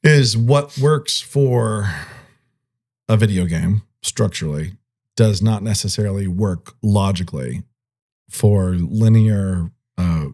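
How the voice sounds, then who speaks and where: Playful, low-voiced man co-hosting a podcast. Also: slow, dark tone. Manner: playful, makes goofy bass sounds and laughs often. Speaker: podcast co-host. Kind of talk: casual chat.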